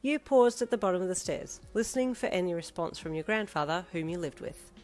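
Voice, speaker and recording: A woman's voice: lowish voice, lively intonation, a little fast, a little mellow, faint music behind. A woman narrating a fan fiction audiobook expressively in second person.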